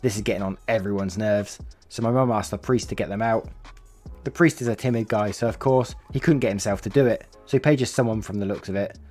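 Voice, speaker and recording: Low-voiced man reading stories over soft music. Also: fast talker. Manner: reads expressively, acting out the angry quotes with big pitch jumps; chuckles through his own asides. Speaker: reddit story narrator. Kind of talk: reading online stories aloud with casual commentary. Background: faint background music.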